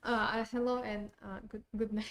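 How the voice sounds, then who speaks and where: A woman's voice: mid-range voice, level tone, brisk, slight background noise. A woman dropping in briefly on her husband's live stream to say a shy, playful hello. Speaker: host's wife.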